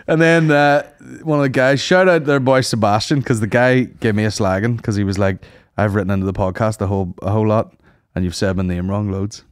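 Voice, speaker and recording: A man's voice: lowish voice, brisk, clean tone, no echo, clean studio sound. Sweary man telling rambling stories. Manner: sweary, rambling anecdotes, acts out quotes. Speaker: podcast co-host. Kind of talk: casual storytelling chat.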